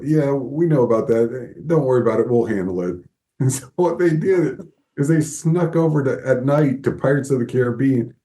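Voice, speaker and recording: Mellow-voiced man telling stories. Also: mid-range voice. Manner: animated storyteller, acts out quoted voices. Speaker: guest, former Disney figure animator. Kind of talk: storytelling interview.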